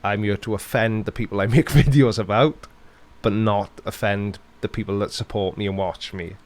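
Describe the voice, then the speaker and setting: Welsh male streamer, lowish voice, dry and sarcastic, casual Q&A. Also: fairly even intonation, moderate pace. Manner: dry, sarcastic humour with frequent laughs. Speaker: live-stream host answering chat questions.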